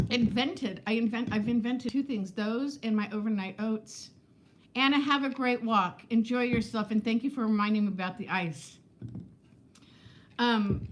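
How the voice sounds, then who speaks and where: A woman's voice: fairly high pitch, slight background noise. A woman in her fifties chatting casually on a home live stream, laughing often as she answers viewer comments. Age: 50s. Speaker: vlog host reading live chat. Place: home, indoors.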